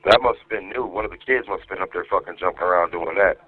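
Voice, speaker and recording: Over a tinny jail phone line with faint music behind him, an inmate calls his wife and vents in a heated, profane way. His voice sits low and he talks quickly, in a dry recording.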